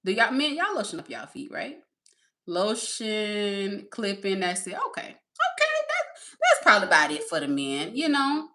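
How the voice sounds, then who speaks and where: On her live stream, a woman in a medium-pitched, pushed and bright voice talks at a moderate pace with huge pitch swings. She's casually rambling, reading the chat aloud, laughing often, and speaking to her audience as "y'all."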